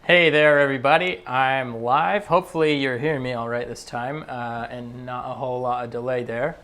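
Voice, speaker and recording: A man's voice: medium pitch, moderate pace. Laid-back guy cracking jokes on a livestream, normal mid voice. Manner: relaxed, joking. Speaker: co-host and husband. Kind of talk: casual livestream chat.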